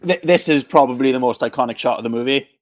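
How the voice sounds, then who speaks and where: Male podcast co-host, mid-pitched, chatty recap with acted-out bits. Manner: animated retelling, acting out scenes in quick voices. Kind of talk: casual movie recap chat.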